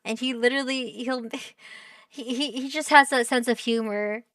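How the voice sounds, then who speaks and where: A young woman streamer chats playfully with her viewers, teasing and gushing in a high, bright voice. She takes her time, and she sits a little back from the mic in a dry room. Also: fairly even intonation, moderate pace, dry recording, recorded from a distance. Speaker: VTuber streamer. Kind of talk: casual live-stream chat reacting to a show.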